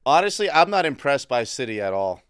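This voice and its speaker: A man's voice: medium pitch, very animated, brisk, clean tone, no room sound, studio quality. An American man co-hosting a casual sports podcast, talking in brash, emphatic, profane hot takes. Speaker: podcast co-host.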